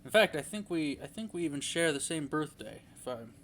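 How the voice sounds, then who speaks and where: A man's voice: on the high side, lively intonation, fairly quick, a bit bright, slight background noise. A young man giving a casual, rambling movie review, full of fillers and restarts.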